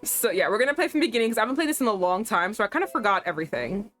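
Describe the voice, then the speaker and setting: A young adult woman streaming a game, chatting casually in a playful, animated way and laughing often. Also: mid-range voice, rapid-fire, soft background music. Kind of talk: casual gameplay commentary.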